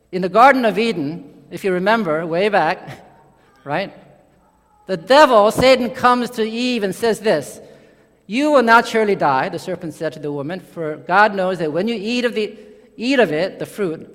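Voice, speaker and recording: A man preaching a sermon as pastor, talking conversationally, climbing into excited bursts and then sinking low and quiet. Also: long reverb tail.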